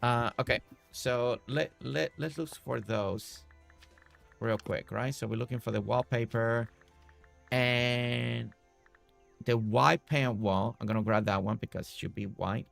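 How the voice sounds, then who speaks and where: Male streamer, mid pitch, gravelly edge; chatty, repeats himself, cheers on game characters. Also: a little slow, fairly bright tone, faint music behind. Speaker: gaming streamer. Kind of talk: casual game commentary.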